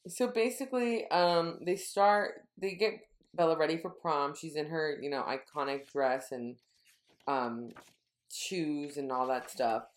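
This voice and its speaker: A woman's voice: deep voice, measured pace, reverberant. A woman co-hosting a podcast, retelling a book chapter in casual chat, rambling and correcting herself as she goes. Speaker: podcast co-host.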